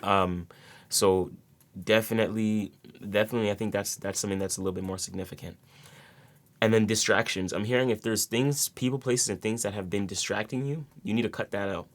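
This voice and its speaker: Low-voiced man giving a rambling tarot reading. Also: fairly even intonation, brisk. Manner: rambling, repeats words, many fillers. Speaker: tarot reader. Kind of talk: casual spoken tarot reading.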